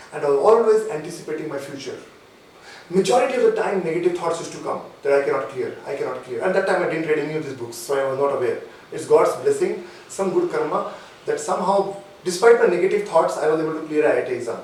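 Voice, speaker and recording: A man giving a motivational talk as a mentor, emphatic and repeating his key phrases, sometimes slowing down to dictate points. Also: fairly high pitch, a little mellow. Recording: very echoey room, mic at a distance, faint noise.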